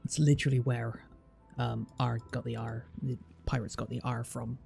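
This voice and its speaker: Man, Bristol West Country accent, deep fry in the voice, rambling livestream chat, faint background music. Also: little pitch movement, normal speed, a little mellow. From Bristol, England. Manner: curious, rambling, many restarts and fillers. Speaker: streamer chatting with a guest.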